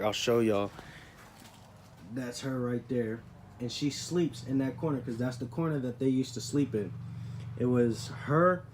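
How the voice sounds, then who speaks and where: Man, young adult, casual vlog talk, rambling, emotional, mid pitch. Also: a little mellow, slight background noise. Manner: rambling, emotional, repeats himself. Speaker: vlogger.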